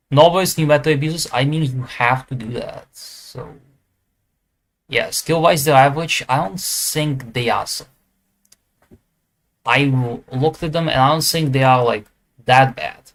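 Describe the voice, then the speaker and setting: A man's voice: mid-range voice, fairly bright tone. A man giving casual commentary as he ranks esports teams, thinking aloud with hesitant fillers and self-corrections. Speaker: esports tier list creator. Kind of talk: casual commentary while ranking.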